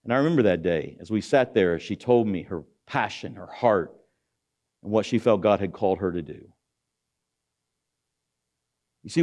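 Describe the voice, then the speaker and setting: A man's voice: on the low side, darkish tone. A middle-aged man giving a motivational speech in an auditorium, preaching and calling out to the audience with rhetorical questions. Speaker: guest speaker.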